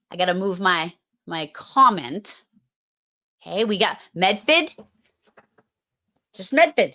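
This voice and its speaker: Slow-talking woman hosting a livestream. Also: mid-range voice, expressive, pushed and bright. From Massachusetts. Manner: playful, teasing, talks to the chat. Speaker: livestream host. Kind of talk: casual livestream chat.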